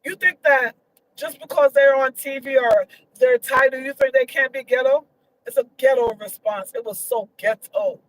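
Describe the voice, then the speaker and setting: A woman's voice: high-pitched, fairly even intonation, moderate pace, no room sound, poor audio. A woman giving her opinions in a casual vlog, emphatic and repetitive, her voice leaping up when she gets indignant. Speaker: vlogger.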